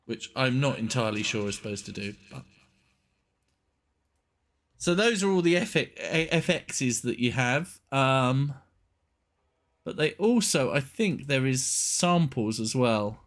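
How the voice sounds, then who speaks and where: A man's voice: mid-range voice, lively intonation, a little slow, pauses often. A man streaming a game live, talking in a rambling, self-interrupting casual way. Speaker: gaming streamer.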